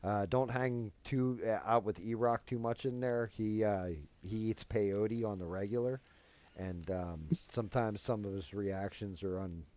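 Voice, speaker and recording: Male stream host, lowish voice, loose and foul-mouthed. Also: steady tone, unhurried, darkish tone. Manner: loose, profane, rambling. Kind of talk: casual stream chat.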